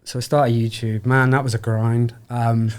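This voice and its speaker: A man's voice: medium pitch, moderate pace. A middle-aged man, a podcast guest, telling his story in a casual, chatty way and acting out the voices of the people in it. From United Kingdom. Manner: chatty, acts out quoted dialogue with lively voice shifts.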